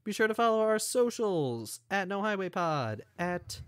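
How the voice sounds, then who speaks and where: A man's voice: high-pitched, sing-song, measured pace, smooth. A man co-hosting a podcast in casual chat, talking in a tired, rambling way with lots of fillers. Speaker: podcast co-host.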